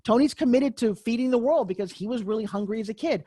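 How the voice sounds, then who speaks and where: Middle-aged woman talking fast and punchy on a podcast, big emphatic motivational speaker energy. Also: on the high side, dark tone, breathy edge. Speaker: guest. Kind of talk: podcast interview.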